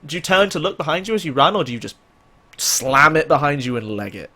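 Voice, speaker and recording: A man's voice: fairly high pitch, sing-song, fast, pushed and bright. A man narrating as game master, rambling with many fillers.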